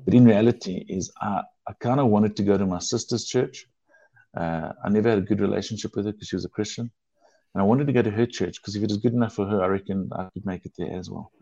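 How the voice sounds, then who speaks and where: A man's voice: lowish voice, steady tone, fast talker, gravelly, dark tone, dry recording, lo-fi sound. A man telling his personal testimony in an earnest, emotional way, often restarting his sentences. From South Africa.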